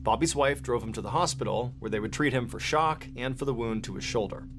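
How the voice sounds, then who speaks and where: A man narrating a scripted story with suspense, slowing down and dropping low at tense moments. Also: noisy background. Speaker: storyteller in a played video.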